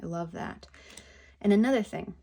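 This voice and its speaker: A woman giving a pick-a-card tarot reading, talking in a gentle, effusive, spiritual way. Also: medium pitch, moderate pace, gravelly.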